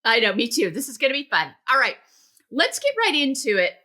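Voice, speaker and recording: A woman hosting a podcast, talking conversationally and stressing key words with animated rises. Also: on the high side, brisk. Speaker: podcast host.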